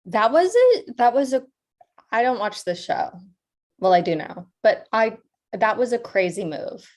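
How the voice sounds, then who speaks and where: A woman's voice: on the high side, sing-song, measured pace, a little mellow. Self-deprecating woman podcast guest. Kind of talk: casual chat.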